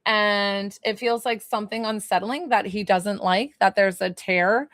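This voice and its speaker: A woman's voice: medium pitch, a little slow, fairly bright tone, no room sound. Chatty woman giving a dry-sounding psychic reading. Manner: chatty, hesitant, many fillers and questions. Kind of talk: live-streamed spiritual reading.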